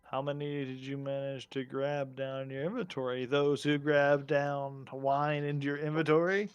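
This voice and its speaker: A man's voice: mid-range voice, little pitch movement, normal speed, clear, resonant tone, no room sound, dull audio. A man narrating as game master of a tabletop role-playing game.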